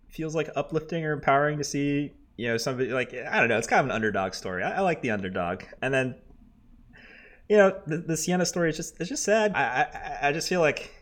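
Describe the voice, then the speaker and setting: A man's voice: mid-range voice, fairly bright tone. A man co-hosting a podcast, chatting casually about a TV show in a loose, rambling way with many fillers and restarts. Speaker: podcast co-host.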